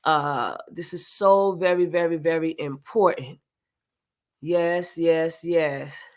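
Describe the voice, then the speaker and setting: A woman's voice: low-pitched, steady tone, takes it slowly, darkish tone. A woman host and moderator opening a livestream, energetically calling out viewers' towns and welcoming them.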